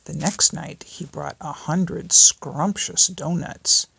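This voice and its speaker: An older woman, a grandmother, gently reading a bedtime story aloud in a home recording. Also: sits low, fairly even intonation, slow pace, gravelly, slight background noise.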